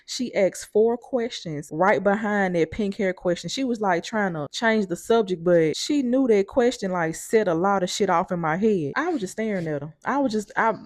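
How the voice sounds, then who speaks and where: A woman tells a blunt, profane workplace story in a casual, animated monologue. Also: mid-range voice, moderate pace, few pauses, no room sound, studio quality. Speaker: storyteller vlogger.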